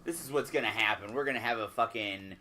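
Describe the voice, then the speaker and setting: A man's voice: lowish voice, fast talker, sharp tone. A man co-hosting a casual podcast who teases and jokes sarcastically, often swearing. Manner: sarcastic, teasing, profane. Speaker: podcast co-host.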